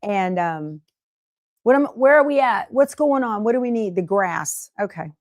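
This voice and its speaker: A woman's voice: medium pitch, lively intonation, a little slow, dry recording. A middle-aged woman hosting a casual sewing livestream, chatting, laughing often and reading viewer comments aloud. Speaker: sewing show host.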